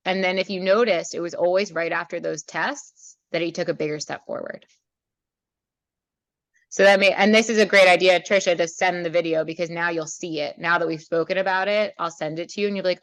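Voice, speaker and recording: A woman riding instructor teaching a student in a chatty, animated way, then leading a guided meditation. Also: fairly low pitch, normal speed, no echo, dull audio. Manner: chatty, animated, acts out horse thoughts. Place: outdoors at a horse trailer.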